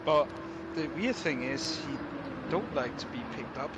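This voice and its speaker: A man's voice: fairly high pitch, animated, a little slow. A man chatting casually with the host, a bit hesitant and repeating words as he tells a story. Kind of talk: casual chat. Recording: loud background noise.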